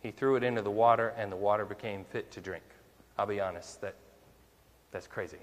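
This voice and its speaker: A man's voice: lowish voice, a little fast, long reverb tail. A male minister preaching a conversational sermon, full of rhetorical questions to the congregation.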